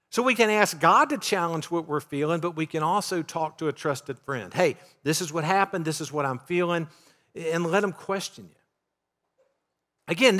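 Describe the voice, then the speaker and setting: A man's voice: high voice, fairly bright tone. A man preaching a sermon as pastor, in a conversational tone full of rhetorical questions to his listeners. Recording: long hall reverb.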